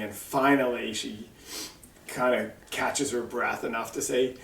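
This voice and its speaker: A middle-aged man telling family stories to his mother in a relaxed, wry way. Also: mid-range voice, measured pace, vocal fry, a little hiss or hum. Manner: relaxed, wry storyteller who trails off and laughs. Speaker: son interviewing his mother. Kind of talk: casual family storytelling. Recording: roomy sound from far off the mic.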